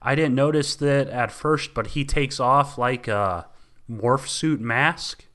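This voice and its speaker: A man's voice: medium pitch, slow, a bit bright. A man co-hosting a casual podcast, rambling and correcting himself mid-thought. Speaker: podcast co-host. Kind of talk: casual chat.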